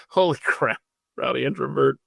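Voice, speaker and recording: Male podcast host reading live comments, mid-pitched, rambling, self-deprecating, dry close sound. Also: creaky, sharp tone, no echo. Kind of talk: casual rambling livestream chat.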